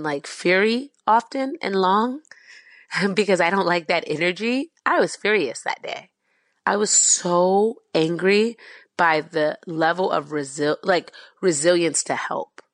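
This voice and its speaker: A woman in an interview, telling a personal story in an earnest, fast-flowing way with many fillers. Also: on the low side, fairly bright tone, no room sound, studio quality. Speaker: guest.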